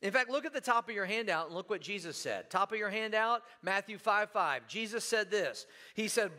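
Male pastor, high voice, conversational sermon in a reverberant church. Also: brisk, few pauses, bright, forceful tone. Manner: conversational, repeats words, asks the room "right?".

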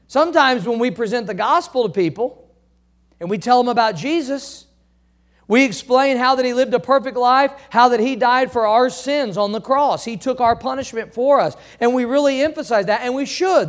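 A man's voice: extremely high pitch, animated, moderate pace. Emphatic folksy male pastor. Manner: emphatic, folksy, joking asides. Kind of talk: sermon.

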